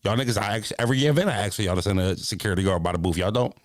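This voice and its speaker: A man's voice: on the low side, very fast, no room sound, clean studio sound. A man streaming casually as a battle-rap commentator, talking in a brash, profane, rambling way and repeating himself.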